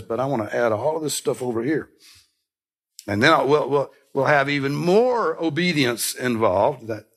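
This preacher's mid-range voice has a fairly bright tone. Earnest and emphatic in his sermon, he repeats important phrases, adds casual asides, and corrects himself as he goes.

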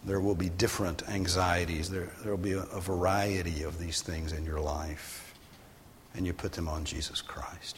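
A male pastor giving a sermon in a conversational way, sometimes rising for emphasis and then dropping low. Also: little pitch movement, normal speed, slight background noise. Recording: long hall reverb.

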